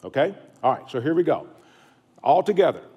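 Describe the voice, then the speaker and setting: Middle-aged male pastor with a drawl; warm-humored, conversational sermon to a church crowd. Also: a little high, big pitch swings, a little fast, slightly rough. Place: church sanctuary.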